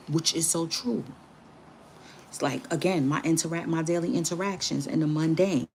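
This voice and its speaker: A woman chats casually, mixing spiritual affirmations with slangy anecdotes. She talks in a lively way, breaks into laughter often, and her voice sits slightly low. A faint noise runs underneath. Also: normal speed. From the Bronx, New York.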